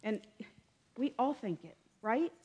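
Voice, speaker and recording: A woman's voice: fairly high pitch, animated, takes it slowly, dark tone, slightly rough. A woman leading church announcements and prayer in a chatty style, with frequent amens. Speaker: church leader.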